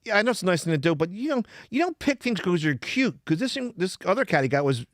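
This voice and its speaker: A man's voice: high voice, sing-song, fast talker, fairly bright tone, dry recording. A man telling rambling comic stories as a podcast guest, laughing often and restarting his sentences. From Philadelphia.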